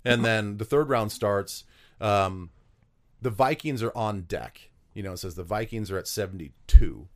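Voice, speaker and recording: An unhurried, animated man with a voice on the low side recounts stories in an interview. He played pro football and hails from South Dakota, and he rambles, restarting often and using many fillers.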